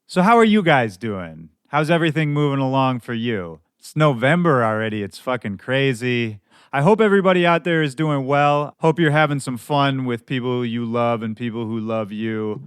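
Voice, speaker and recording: Male podcast host, hoarse and a bit shredded, smooth close dry sound, relaxed candid monologue. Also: medium pitch, normal speed, dry recording. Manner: candid, loose and conversational, with some swearing. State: hoarse from shouting at a show.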